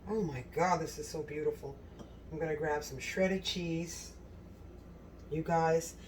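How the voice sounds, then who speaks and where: A woman's voice: sits low, unhurried, slight background noise. Gushing woman cooking, mic at a distance. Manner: gushing and exclamatory, talks straight to viewers. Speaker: cooking channel host. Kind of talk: casual cooking demonstration. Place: home kitchen.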